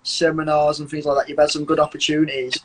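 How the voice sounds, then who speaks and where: A man's voice: on the high side, monotone, fast, slight background noise, poor audio. A man hosting a casual interview and reading out listener questions.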